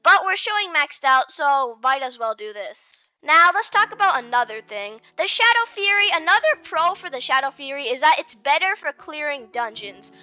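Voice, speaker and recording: A woman's voice: sits high, expressive, normal speed, hardly any pauses, bright, forceful tone. A woman giving casual gameplay commentary, rambling along with lots of fillers and restarts. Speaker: gaming video creator. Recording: dull lo-fi mic with faint music.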